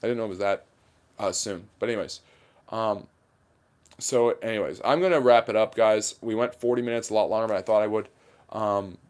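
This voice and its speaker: A man's voice: fairly low pitch, a little mellow. A man hosting a livestream Q&A about history, giving blunt opinions as he answers viewer questions. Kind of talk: livestream Q&A chat.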